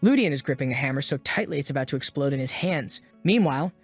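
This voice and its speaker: A man giving a scripted story recap in a brisk, even storytelling delivery. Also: medium pitch, slightly rough. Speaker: recap narrator. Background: faint background music.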